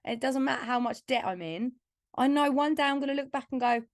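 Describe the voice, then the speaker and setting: A woman's voice: on the high side, fast talker, gravelly, no room sound, studio quality. A woman from Essex, England, a singer-songwriter guest talking candidly and from the heart in a casual podcast interview, with lots of "like". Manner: candid, heartfelt storytelling with filler "like".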